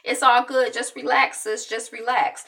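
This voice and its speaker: Woman doing a chill brother, high and bright, heard from a little off-mic, keeps repeating himself. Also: flat delivery, moderate pace, vocal fry, recorded from a distance, exaggerated voice. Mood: soothing. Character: upbeat reassuring adult brother, laid-back.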